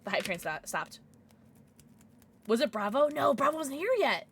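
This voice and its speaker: A woman's voice: sits high, very animated, moderate pace, a little hiss or hum. A young woman livestreaming, chatting casually with her viewers, giddy and emotional, often squealing and laughing.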